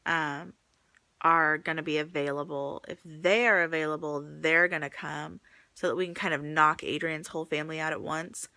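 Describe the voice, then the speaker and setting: A woman's voice: low-pitched, steady tone, moderate pace, pushed and bright, no room sound. A young woman vlogging to her phone camera in a casual, chatty way, full of likes and ums, a little teary. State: pregnant, teary.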